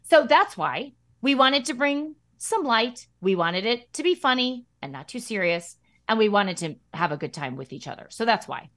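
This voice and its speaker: A woman with a Midwestern American accent chats as a guest in a radio studio. Her voice swings up and down with lively energy. She talks in a bubbly way and restarts her sentences often. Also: on the high side, moderate pace, hardly any pauses. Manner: bubbly, animated, many restarts. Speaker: guest actress. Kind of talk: casual interview chat.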